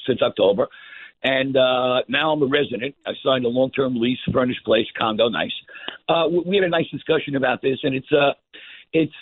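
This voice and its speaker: Rambling caller on a tinny phone line. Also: male voice, mid-range voice, no echo. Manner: rambling, halting, many fillers. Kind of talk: call-in talk radio.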